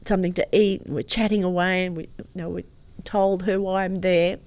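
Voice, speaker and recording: A woman's voice: lowish voice, brisk. A woman tells a family story as a podcast guest. She was born in Croatia and grew up speaking Croatian. She tells it with feeling, often breaking into laughter. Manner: emotional, lively storyteller who laughs often. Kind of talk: casual storytelling interview.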